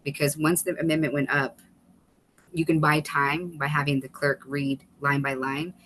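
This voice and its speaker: A woman guest on a video call webinar, telling an animated story with quick asides and laughter. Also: low-pitched, slight background noise, poor audio. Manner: animated, fast-paced storytelling with laughs and restarts. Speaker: guest, author and former state legislator.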